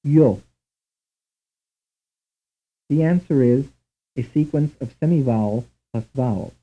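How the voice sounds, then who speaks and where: A man reading a scripted language lesson in a slow, measured, deliberate way, on a tinny old tape recording. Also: medium pitch. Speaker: language instructor. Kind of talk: scripted programmed-lesson narration.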